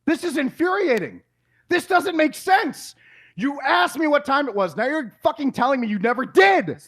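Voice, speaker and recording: High-pitched man ranting in fury. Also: sing-song, moderate pace. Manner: yelling, exasperated, profane rants. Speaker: podcast host. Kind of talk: heated podcast argument.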